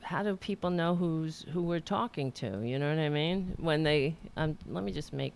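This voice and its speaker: A woman's voice: sits low, moderate pace, gravelly, darkish tone, slight background noise. A woman hosting a show, chatting casually, flustered and joking. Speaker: host. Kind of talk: casual chat.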